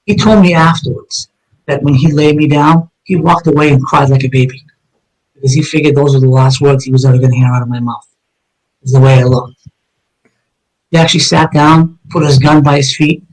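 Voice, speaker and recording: Guy, middle-aged, telling his story hard and blunt, swears a lot, voice sits a bit high. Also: steady tone, brisk, a little mellow, low-quality recording. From Massachusetts, USA. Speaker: guest, retired police detective. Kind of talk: personal story told in an interview.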